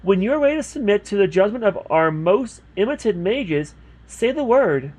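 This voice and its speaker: A man doing a high, formal girl's voice. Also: sing-song, moderate pace, a little mellow. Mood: solemn, formal. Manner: grand, theatrical reading of game dialogue. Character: formal young woman guild receptionist. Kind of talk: reading video game dialogue aloud.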